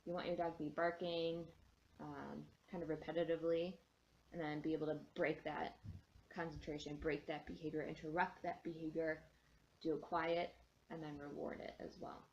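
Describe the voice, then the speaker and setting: A woman's voice: low voice, flat delivery, moderate pace, highs cut off, slight background noise. A woman dog trainer casually explaining a training method, chatty, with frequent ums and restarts.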